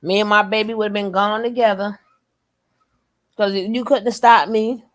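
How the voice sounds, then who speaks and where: A woman's voice: medium pitch, steady tone, moderate pace. A woman giving reaction commentary, emphatic and blunt, repeating her phrases again and again. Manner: blunt, curses then apologizes.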